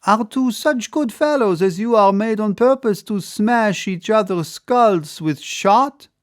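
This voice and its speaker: A man voicing a lively, persuasive French adventurer in an audiobook, eager and coaxing. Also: high-pitched, slow, voice pushed up.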